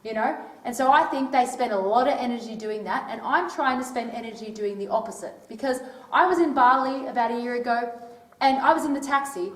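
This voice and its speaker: A woman's voice: fairly high pitch, brisk. A woman giving a casual talk to a live audience, chatty and often checking in with "right?". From Australia. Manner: chatty, peppers sentences with tag questions like "right?". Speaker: touring public speaker. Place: old library hall, indoors. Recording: echoey hall, voice from far off.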